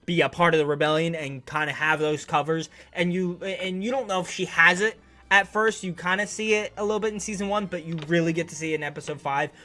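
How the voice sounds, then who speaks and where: A man's voice: a little high, steady tone, quick pace, sharp tone. A man casually reviewing a TV series on his channel, enthusiastic and rambling, with lots of restarts and slang.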